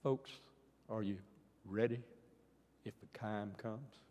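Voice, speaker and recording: A man's voice: lowish voice, fairly even intonation, slow pace. Older guy preaching, earnest, rises and falls, long echo like a big church hall. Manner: earnest, rising to fervent pleas then dropping soft. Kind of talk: sermon.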